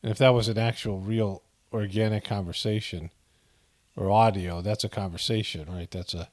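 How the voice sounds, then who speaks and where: A man's voice: fairly low pitch, steady tone, normal speed. A man hosting a casual video commentary, rambling with frequent chuckles and fillers. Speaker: commentary channel host.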